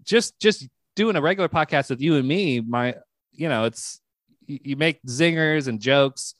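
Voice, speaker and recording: A man co-hosting a casual podcast, telling a story animatedly and breaking into loud mock yelps. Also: mid-range voice, lively intonation, moderate pace, no echo, clean studio sound. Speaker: podcast co-host.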